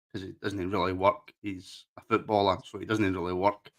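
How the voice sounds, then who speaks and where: A man's voice: low-pitched, little pitch movement, moderate pace, hardly any pauses. A Scottish man with a Glaswegian accent, hosting a casual football podcast and teasing his co-host, often repeating his words as he talks. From Scotland.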